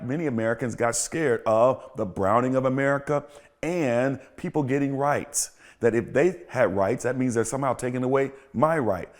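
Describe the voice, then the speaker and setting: A man's voice: on the low side, a little mellow. Emphatic man preaching in repeated phrases. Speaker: pastor and podcast host. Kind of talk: preaching-style commentary.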